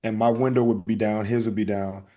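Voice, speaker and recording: A man hosting a casual podcast, telling a story in an animated way and acting out the back-and-forth. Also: lowish voice, a little fast. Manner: animated storytelling, acts out exchanges. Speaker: podcast host.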